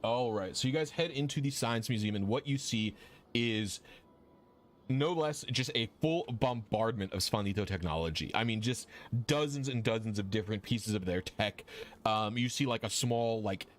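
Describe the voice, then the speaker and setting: A man's voice: on the low side, moderate pace. A man narrating as game master of a tabletop game in a casual way, with lots of fillers.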